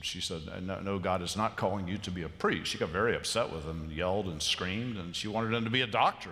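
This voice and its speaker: A man's voice: low voice, fast talker, few pauses, bright, forceful tone. A man preaching a sermon as pastor, conversational and self-amused, slipping into voices of biblical figures. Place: large church sanctuary. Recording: long hall reverb of a church.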